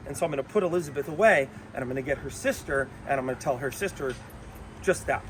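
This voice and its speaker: A man working as a dog trainer in an instructional demo, switching between bright, high praise for the dog and calm explanation. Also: quick pace. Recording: outdoor mic with clear background noise.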